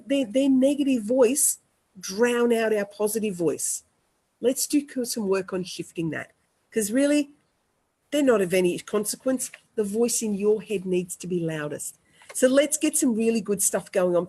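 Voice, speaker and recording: An EFT practitioner, a woman, leads a group tapping session, guiding with slow, repeated affirmations and coaching participants by name. Her voice is a little high with a darkish tone.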